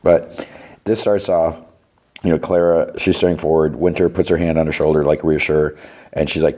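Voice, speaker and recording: A man hosting a podcast, casually retelling TV scenes in a rambling, halting way. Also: very deep voice, steady tone, darkish tone. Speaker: podcast host. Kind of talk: casual TV episode recap.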